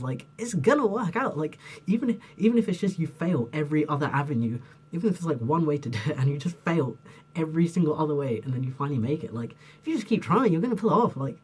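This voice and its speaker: A man's voice: on the high side, lively intonation, fast talker, a little mellow, breathy edge. A young man ranting to camera in a rambling, heated way, swearing often and filling his talk with "like". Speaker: vlogger. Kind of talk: unscripted rant to camera.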